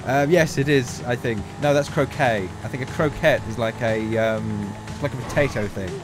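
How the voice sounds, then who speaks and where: A man's voice: mid-range voice, moderate pace, over music. A man chatting casually over gameplay as the channel's host, joking and bursting into theatrical outbursts.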